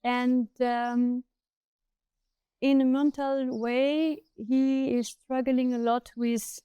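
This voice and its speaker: A woman with a French accent, a horse trainer talking casually in English, pausing often to find her words. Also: high-pitched, level tone, dark tone, clear, resonant tone, dry recording, muffled recording. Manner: thoughtful, searching for words with many "uh" pauses. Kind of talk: casual conversation.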